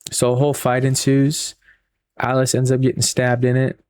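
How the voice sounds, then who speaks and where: A man's voice: medium pitch, completely flat delivery, normal speed, a little mellow, clean tone. A man giving a casual spoken book review, retelling the plot in a rambling way with frequent repeats and fillers.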